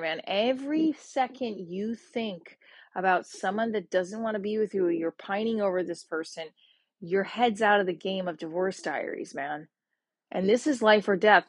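A woman's voice: medium pitch, husky, dry recording, studio quality. A woman in her forties hosting her own podcast, talking through a sad, upset personal monologue in a rambling, emotional way full of restarts. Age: 40s. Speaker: podcast host.

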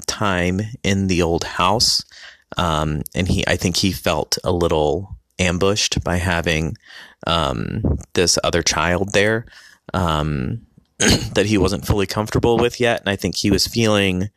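A man casually telling a personal story about his family, halting with many ums and restarts. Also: sits low, a bit bright, no echo, studio quality.

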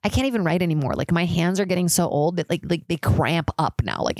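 A woman's voice: animated, fast, few pauses, darkish tone, no echo. A young woman hosting a casual solo podcast, chatty and swearing, peppered with "like". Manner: mimics others in high squealing voices. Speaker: podcast host.

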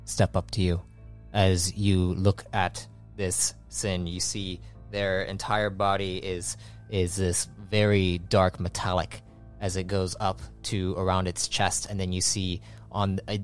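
A man narrating as game master of a tabletop game, halting and repeating words as he goes. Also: low-pitched, level tone, faint music behind.

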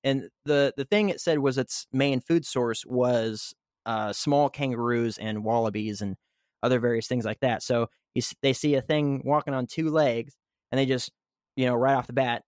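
A man of middle pitch hosts a laid-back podcast. He reads a script aloud and then riffs on it off the cuff. The sound is close and dry. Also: moderate pace, a little mellow, no room sound. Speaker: podcast host. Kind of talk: casual chat with read-aloud segments.

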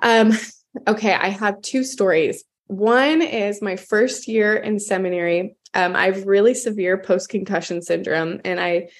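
A woman guest recounting personal stories in an earnest, halting way, with many ums and restarts. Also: medium pitch, fairly even intonation. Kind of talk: reflective storytelling.

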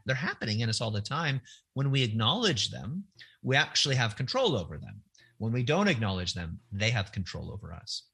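A man's voice: lowish voice, pushed and bright, breathy edge. A middle-aged man telling candid personal stories in a reflective, earnest way, often restarting his sentences. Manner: reflective, earnest, hesitant with many restarts and fillers. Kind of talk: candid conversational storytelling.

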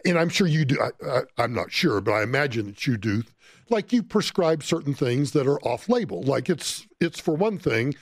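A middle-aged man hosting a call-in radio show, talking in an excitable way and often stammering as he repeats words. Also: mid-range voice, normal speed, no echo, clean studio sound. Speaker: radio talk show host. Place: radio studio. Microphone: studio microphone.

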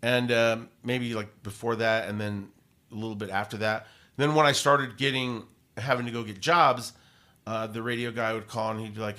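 A male radio host in a relaxed interview, talking with lively, rambling energy. He circles back, restarts his sentences and drops plenty of fillers along the way. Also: on the low side, normal speed. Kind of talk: casual interview storytelling.

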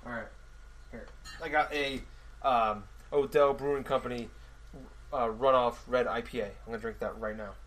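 A man's voice: medium pitch, steady tone, normal speed, fairly bright tone. A man hosting a casual podcast, rambling, swearing and laughing as he goes. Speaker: podcast host. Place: home room next to a mini fridge.

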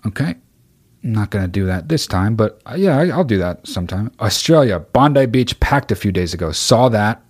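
Low-voiced man hosting a podcast, blunt and profane, rambling chat. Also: expressive, normal speed, slightly rough. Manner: swears constantly, rambling and blunt. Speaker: podcast host. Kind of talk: casual chat answering listener questions.

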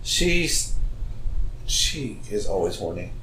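A man co-hosting a podcast, joking crudely and explaining things in a relaxed, casual way. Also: fairly low pitch, takes it slowly. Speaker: podcast co-host. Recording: roomy echo with faint noise.

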